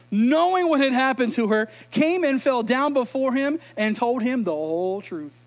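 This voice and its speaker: High-voiced man preaching playfully. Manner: playful, joking storyteller. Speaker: pastor. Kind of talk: sermon.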